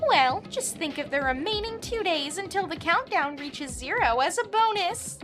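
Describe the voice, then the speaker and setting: A gleeful male bear mascot villain, put on by a woman reading a game aloud. He stretches every word into a slow, gloating taunt, high-pitched and sharp-edged. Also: expressive, faint music behind. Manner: slow, drawn-out taunting delivery. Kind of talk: game dialogue read aloud on stream.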